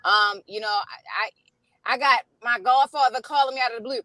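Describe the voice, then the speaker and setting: A woman's voice: a little high, brisk, pushed and bright, no room sound. Upbeat Baltimore woman calling in from her car. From Baltimore, Maryland. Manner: upbeat, laughing, many "um"s. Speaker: singer calling in. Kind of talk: casual call-in chat. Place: in a car, driving.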